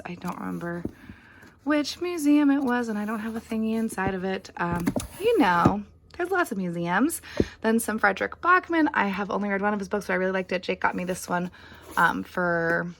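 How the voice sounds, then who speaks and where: Rambling woman with a gravelly voice. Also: medium pitch, fairly bright tone. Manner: rambling, lots of fillers and asides. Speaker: BookTuber. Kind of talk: casual bookshelf tour.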